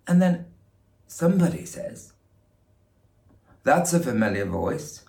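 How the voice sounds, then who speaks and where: Male actor as fussy middle-aged northern son, Northern English accent, gravelly, echoey room. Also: mid-range voice, sing-song, takes it slowly, dark tone, pitched above the performer's own voice, full character voice. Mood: wry. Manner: wry storytelling monologue with quoted voices.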